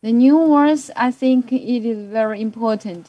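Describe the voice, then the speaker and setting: A woman with a Mandarin Chinese accent teaching an English vocabulary class online, speaking slowly and repeating each word. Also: a little high, mellow, no echo, muffled recording. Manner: slow, repeats words, mixes in Mandarin explanations. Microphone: video call.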